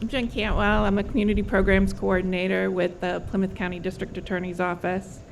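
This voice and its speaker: A woman's voice: medium pitch, little pitch movement, brisk, creaky, a little hiss or hum, rough recording. A woman working as a county programs coordinator, giving a businesslike, informative introduction at a public event. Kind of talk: formal introduction speech.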